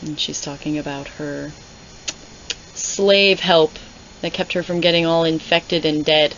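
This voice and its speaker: In slightly dull lo-fi audio with background noise, a deep-voiced woman reads along for her book channel at an unhurried pace and steady tone. Her remarks are casual, sarcastic and exasperated, often rambling into asides.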